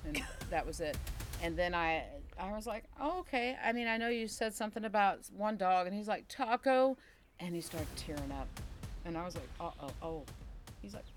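A woman co-hosting a casual podcast chat, telling a story with lively acted-out quotes and sound effects. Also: on the low side, brisk, soft background music. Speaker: podcast co-host.

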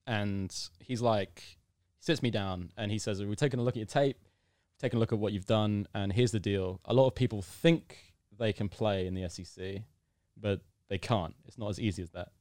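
During a casual podcast interview, a young UK man with a lowish voice tells a long tale at a moderate pace. He acts out the characters with gusto and now and then gets loudly excited. The recording is dry and of studio quality.

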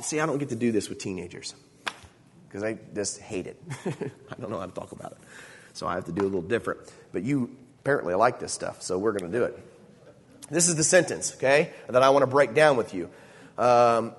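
A man's voice: medium pitch, slightly rough, big-room sound. A man preaching a sermon as pastor, emphatic and checking in with frequent asides to the congregation.

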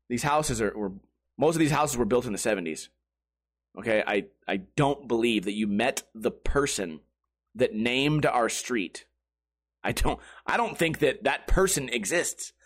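A man hosting a comedy podcast, telling a profane, exasperated story with animated mimicry. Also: medium pitch, husky. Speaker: podcast host.

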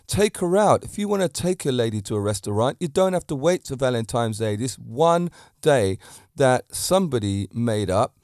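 A man hosting his own podcast, a fitness teacher talking about romance in a lively, preachy way with many rhetorical questions into a handheld mic. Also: medium pitch, normal speed, dry recording, studio quality. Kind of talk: solo podcast talk on romance.

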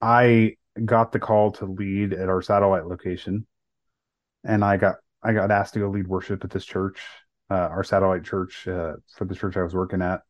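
Low-voiced man telling a personal story. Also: little pitch movement, normal speed, dry recording, highs cut off. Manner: earnest, many fillers and restarts. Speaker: podcast co-host. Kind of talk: casual podcast storytelling.

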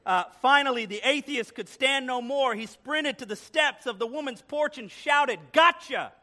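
A man's voice: very high voice, moderate pace, sharp tone. A man preaching a sermon as a guest preacher in a church, telling a story with playful joking asides. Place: church sanctuary.

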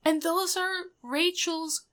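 A woman's voice: very high voice, fairly even intonation, takes it slowly, fairly bright tone. A woman co-hosting a casual podcast, recapping a sitcom episode and acting out the characters' lines as she goes. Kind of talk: casual chat.

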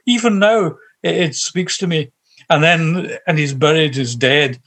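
A man's voice: on the high side, animated, unhurried, fairly bright tone. A middle-aged man with a Glaswegian Scottish accent, telling his personal faith story to an interviewer in an earnest, heartfelt, rambling way. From Scotland. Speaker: guest sharing his faith testimony. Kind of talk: personal testimony in conversation.

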